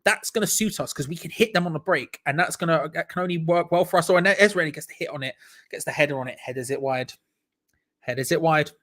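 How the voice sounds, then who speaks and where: A young man hosting a live football watch-along stream, excitable, laughing often and repeating himself as he reacts. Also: on the high side, quick pace.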